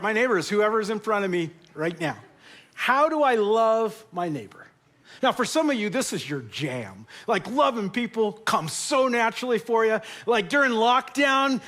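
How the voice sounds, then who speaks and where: A man's voice: very high voice, fairly bright tone. A middle-aged man preaching a sermon in a church, telling stories with jokes and sometimes getting emotional. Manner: storytelling, jokey, turns emotional. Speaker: pastor. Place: church auditorium.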